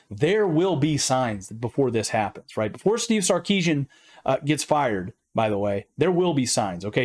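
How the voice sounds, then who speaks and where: A man's voice: on the high side, a little mellow. A man hosting a sports channel, giving emphatic, casual football commentary and tagging his points with "right?". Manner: emphatic, peppers statements with "right?".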